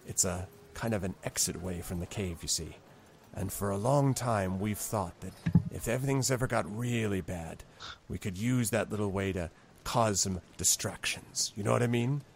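A man voicing a sly, haggling male goblin chief who hesitates with many ums and then breaks into loud, high outbursts. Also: sing-song, moderate pace, gravelly, a little hiss or hum. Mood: conspiratorial.

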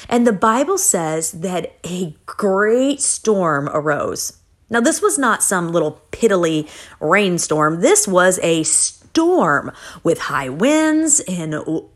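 Female preacher, sermon delivery, lively storytelling, soft drops for emphasis. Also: medium pitch. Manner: animated storytelling, voice rises for acted pleas, drops soft for calm.

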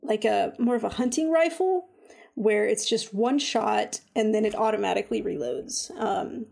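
A woman chatting casually about a game she has been playing, full of "like" and "um", animated when she retells her own reactions. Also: mid-range voice, normal speed, creaky. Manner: chatty, lots of fillers like "like" and "um". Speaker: video game reviewer. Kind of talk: casual chat.

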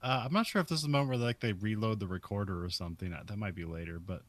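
A man's voice: lowish voice, very fast, dry recording. A man co-hosting a podcast, casually recapping film scenes and chuckling often. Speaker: podcast co-host.

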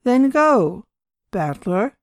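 A woman reading aloud voices a mysterious old man with a white beard, speaking quietly, unhurried and cryptic. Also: mid-range voice, very animated, no echo, clean studio sound. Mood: calm cryptic.

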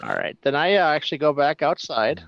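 Man, lively intonation, measured and terse, dull recording. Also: a little high, creaky, no room sound. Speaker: player. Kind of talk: tabletop role-play. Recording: dull lo-fi sound.

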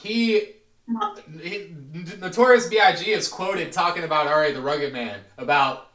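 A man hosting a casual podcast chat, leading the talk with relaxed slang and handing the word to his guests. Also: a little high, normal speed. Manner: relaxed, prompts the others, profane slang. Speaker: podcast host. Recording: roomy, distant mic.

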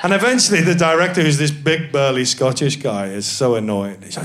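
A man's voice: medium pitch, fairly quick, fairly bright tone. A man, an actor guest, telling rambling, self-mocking anecdotes in a casual chat with many restarts. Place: live podcast stage.

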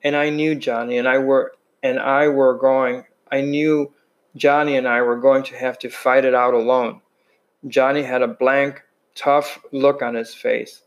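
A man reading a novel aloud in a mid-pitched voice. His reading is plain and unpolished, with the occasional restart or stumble over a phrase. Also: level tone, a little slow, muffled recording. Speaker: reader.

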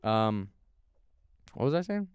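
A young man co-hosting a podcast, telling stories with loud high-pitched impressions of other people. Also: slow pace, smooth. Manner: animated storyteller, yells high when quoting people. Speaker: podcast co-host. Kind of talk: casual chat.

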